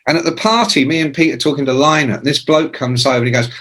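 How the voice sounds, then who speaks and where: A man in his sixties, a rock journalist telling profane, lively anecdotes as a podcast guest. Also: on the high side, quick pace, slightly rough. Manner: lively, profane, acts out quoted voices. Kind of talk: anecdotal storytelling in a podcast interview.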